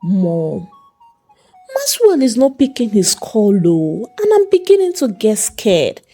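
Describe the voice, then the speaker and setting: A woman's voice: mid-range voice, huge pitch swings, slow pace, warm tone, faint music behind, full character voice. A woman voicing a young bride, worried and pleading. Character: young bride, anxious and tearful.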